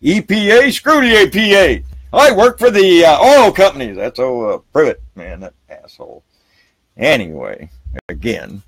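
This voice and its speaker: A man hosts a live political talk stream outdoors by a river. His voice sits mid-range and sounds dry and close. He rants heatedly with plenty of profanity, then jumps up bright to greet viewers by name. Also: mid-range voice, big pitch swings, measured pace, slightly rough, dry recording. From Texas. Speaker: political talk show host. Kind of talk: live political rant and viewer shout-outs.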